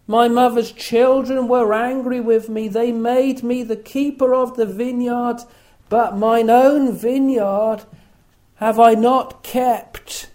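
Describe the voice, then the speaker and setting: A man reading scripture aloud and preaching on it in a solemn, deliberate way, repeating words for emphasis. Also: very high-pitched, fairly even intonation, a little mellow. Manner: slow, solemn, repetitive emphasis.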